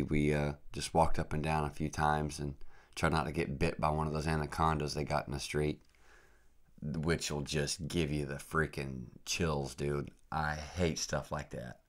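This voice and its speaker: A podcast host telling a travel story in a laid-back, rambling way, saying "dude" and "freaking" a lot. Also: male voice, rumbling low.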